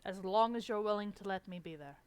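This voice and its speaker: A woman player in a tabletop game, speaking in a dry, deadpan way. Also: medium pitch, fairly quick, smooth, no echo. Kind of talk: playing her character in a tabletop game.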